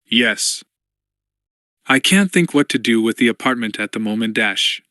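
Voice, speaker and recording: A man's voice: medium pitch, lively intonation, a little slow, sharp tone, dry recording. Composed wry woman, read by a man, dry booth audio. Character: composed resilient woman, a former agent.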